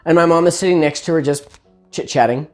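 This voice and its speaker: A woman casually telling a personal holiday story with chatty asides and quick self-corrections. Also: low-pitched, a little mellow, soft background music.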